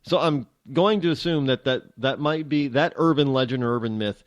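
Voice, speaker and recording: A man's voice: medium pitch, moderate pace, no echo. A man from New hosting a radio show, talking in a rambling, joking way that keeps interrupting itself. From New England. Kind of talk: casual talk radio monologue.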